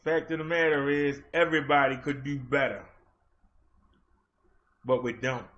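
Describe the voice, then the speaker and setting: A man's voice: medium pitch, level tone, a little slow, fairly bright tone. A man hosting a livestream, ranting in a fiery, confrontational way and challenging his chat. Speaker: livestream host. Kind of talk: livestream rant. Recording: dull lo-fi stream audio.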